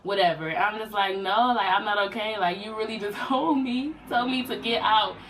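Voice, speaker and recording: A woman's voice: moderate pace, few pauses, far from the mic, slight background noise, poor audio. Chatty young woman telling a story. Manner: chatty, animated storytelling with high-pitched quoted voices. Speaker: vlogger. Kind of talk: casual storytime vlog.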